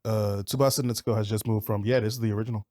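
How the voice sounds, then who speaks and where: A man's voice: on the low side, steady tone, very fast, a little mellow. A man co-hosting a podcast in casual chat, rambling with lots of fillers and swearing. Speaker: podcast co-host.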